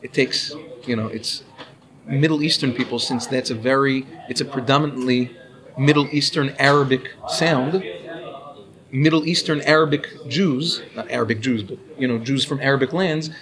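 A man's voice: mid-range voice, normal speed, crowd noise. A man teaching a class, explaining and asking his students questions as he goes. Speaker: Torah teacher. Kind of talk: classroom lecture on Hebrew pronunciation.

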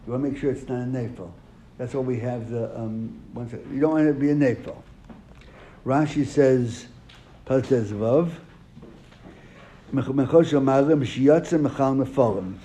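A man's voice: mid-range voice, steady tone, moderate pace, warm tone. A man teaching a classroom lesson, asking his students questions and then answering them. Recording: echoey room, faint noise.

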